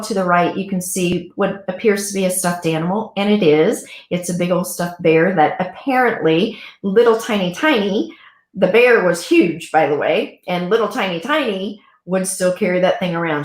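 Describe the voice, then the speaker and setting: A woman co-hosting a talk show, chatting in an animated, gushing way about crafts for grieving children. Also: medium pitch, roomy sound. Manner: warm, animated, gushing storyteller. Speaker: pet loss guide and co-host. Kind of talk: casual talk show chat.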